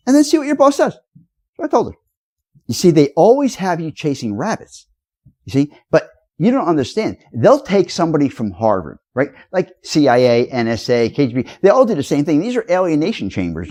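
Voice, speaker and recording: A man's voice: a little high, darkish tone. A man ranting straight to his viewers in a rambling, accusatory, lecturing way. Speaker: video blogger. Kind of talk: rambling direct-to-camera rant.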